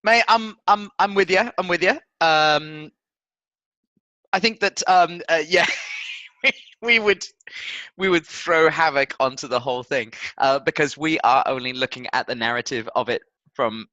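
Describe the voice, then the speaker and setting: A man co-hosting a sports podcast in casual chat, excitable and laughing often. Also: fairly high pitch, unhurried, dry recording, muffled recording. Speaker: podcast co-host.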